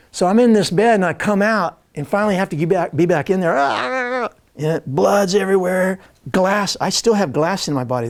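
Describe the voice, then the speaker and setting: A man telling a personal story to a live audience, animated and laughing, acting out other people's lines as he goes. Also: high-pitched. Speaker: spiritual speaker.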